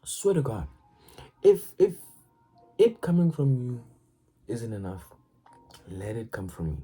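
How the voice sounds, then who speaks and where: A woman giving a casual, profane motivational rant, excitable and stammering as she repeats her words. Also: a bass voice, a little slow, husky, faint music behind, low-quality recording. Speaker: motivational vlogger.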